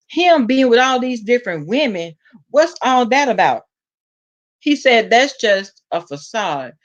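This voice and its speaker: Animated Southern woman spilling gossip. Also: lo-fi sound. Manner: animated gossip, acts out quotes with big pitch jumps. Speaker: vlogger. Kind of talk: casual storytelling to viewers.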